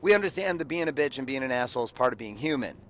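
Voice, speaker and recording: A man's voice: mid-range voice, expressive, rapid-fire, a little hiss or hum. Blunt profane man telling a parenting story. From California. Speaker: father and podcaster. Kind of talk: blunt motivational monologue.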